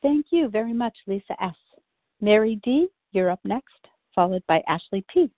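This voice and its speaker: A woman chairing a call-in meeting, brisk and polite as she calls on speakers. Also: medium pitch, expressive, no echo. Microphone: phone call-in. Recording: dry tinny phone line.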